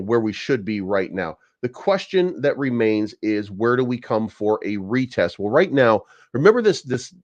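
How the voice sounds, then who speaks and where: A man's voice: mid-range voice, no room sound, dull audio. A man hosting a crypto channel, talking casually through price charts, rambling with lots of fillers, repeated words and casual swearing.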